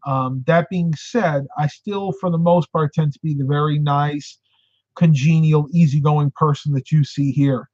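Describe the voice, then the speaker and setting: Middle-aged man, live-stream host, chatty storyteller, fairly high voice, dull dry recording. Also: a little mellow, no echo. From upstate New York, United States. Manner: chatty, tells stories and answers viewer comments. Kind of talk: casual live-stream chat.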